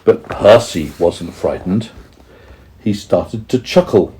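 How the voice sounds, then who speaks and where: A man's voice: lowish voice, slow pace, mellow. A man reading a children's story aloud to his young child, patiently stopping to explain words.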